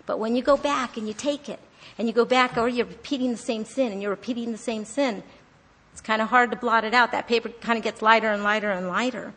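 A woman's voice: fairly high pitch, quick pace, fairly bright tone. Earnest woman teaching scripture, hall reverb. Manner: chatty and earnest, with frequent restarts and scripture readings. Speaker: Bible study teacher. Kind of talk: conversational devotional teaching.

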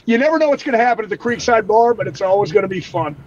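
A man's voice: sits high, animated, rapid-fire. A man appearing as a guest, enthusiastically promoting an event in casual chat. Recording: dull remote feed with faint noise.

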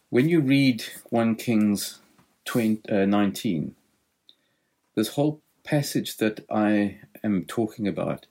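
A man's voice: on the low side, darkish tone, breathy edge. A man preaching a sermon, explaining a scripture passage in a thoughtful, explanatory way.

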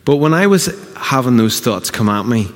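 A man preaching a sermon as a pastor, earnest and emphatic with dramatic pauses. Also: medium pitch, animated. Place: church auditorium. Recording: long reverb of a church hall.

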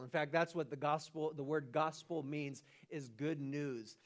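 Animated high-voiced pastor preaching. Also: male voice, normal speed, hardly any pauses. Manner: animated, acts out the angel's lines with rising excitement; restarts and repeats words often. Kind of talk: sermon.

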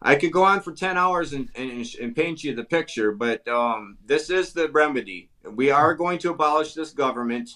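A man's voice: on the high side, animated, normal speed, hardly any pauses, bright, forceful tone. A man from Wisconsin with an Upper Midwest accent, a guest talking fervently and emphatically, repeating himself and restarting phrases. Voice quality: emphatic, repetitive, full of restarts. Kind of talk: fervent talk-show chat.

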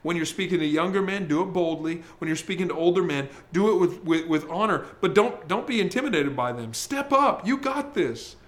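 A preacher voicing a blunt, earnest older apostle. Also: male voice, fairly high pitch, animated, fairly quick, hardly any pauses, a bit bright. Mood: urging. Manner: blunt, emphatic, conversational.

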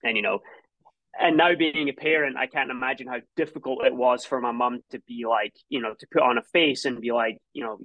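A man's voice: medium pitch, steady tone, a little fast, fairly bright tone, dry recording, muffled recording. A Scottish man in his thirties, a former college runner, telling stories casually in an interview, with many restarts and fillers. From Scotland.

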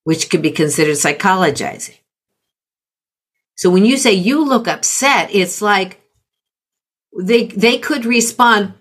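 A middle-aged woman coaching parents in conversation, calmly explaining with example phrases. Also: mid-range voice, takes it slowly, long pauses. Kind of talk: conversational teaching.

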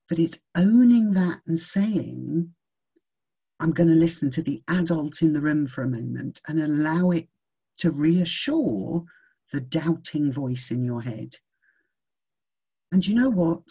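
A woman in her fifties giving a gentle, reassuring motivational talk in a measured way. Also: deep voice, sing-song, slightly rough. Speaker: speaker on self-confidence.

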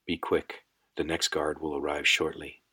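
A man's voice: very deep voice, little pitch movement, moderate pace, sharp tone, husky, full character voice. A man reading an audiobook, voicing a stern male prison guard who speaks curtly.

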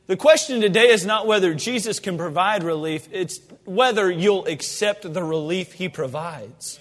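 High-voiced preacher in an echoing church. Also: male voice, moderate pace, hardly any pauses. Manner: swings from loud, fervent pleading to hushed, low-voiced storytelling. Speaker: pastor. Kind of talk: sermon. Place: church sanctuary. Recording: long reverb of a church sanctuary.

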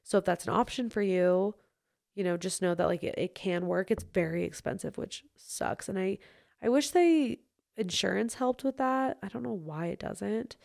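Chatty young woman with a gravelly edge. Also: medium pitch, normal speed, no room sound, clean studio sound. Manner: casual and chatty, many likes and ums; soft and consoling when serious. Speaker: podcast host. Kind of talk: solo podcast chat answering listener messages.

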